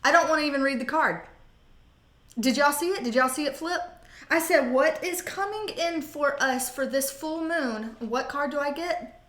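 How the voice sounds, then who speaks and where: A woman's voice: high voice, moderate pace, fairly bright tone, echoey room. A woman doing a casual live tarot reading, chatty and jokey, rambling and swearing freely. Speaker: tarot reader.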